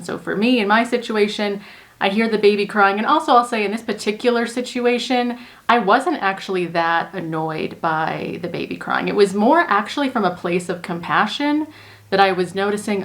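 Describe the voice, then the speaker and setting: A young adult woman, a manifestation coach, explaining a technique calmly and earnestly step by step in a casual teaching talk. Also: mid-range voice, moderate pace. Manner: calm, earnest explaining in spoken steps.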